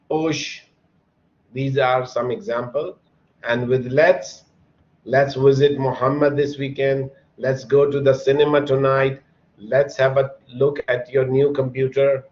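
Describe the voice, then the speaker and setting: Male English teacher, unhurried and encouraging, mid-pitched voice, dull lo-fi sound. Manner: slow, patient, encouraging, calls on students by name. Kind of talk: online classroom lesson.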